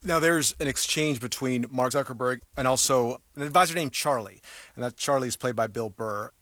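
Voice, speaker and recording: A man hosting a radio interview, asking measured, conversational questions. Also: mid-range voice, fairly bright tone, no room sound, studio quality.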